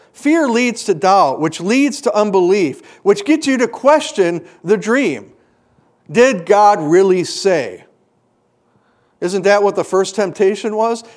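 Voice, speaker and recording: Preacher, male, middle-aged, high-pitched, earnest sermon delivery with questions to the room. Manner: earnest, rhetorical questions to the congregation.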